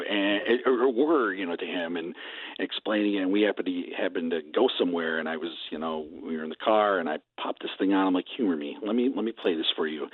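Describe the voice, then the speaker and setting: A man's voice: deep voice, quick pace, no echo. A man calling in as a guest on a radio show, chatty, laughing often as he tells stories. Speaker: phone-in guest. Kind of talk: casual radio chat. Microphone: telephone. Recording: tinny phone line.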